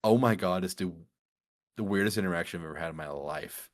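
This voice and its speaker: A man casually telling a story among friends, animated and laughing often as he goes. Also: sits low, fast talker. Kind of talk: casual chat.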